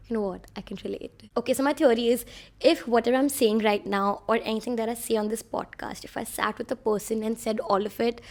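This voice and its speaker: A young woman hosting her own podcast, talking alone in a chatty, self-conscious, rambling way. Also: fairly high pitch. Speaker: podcast host. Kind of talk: solo podcast rant. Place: room.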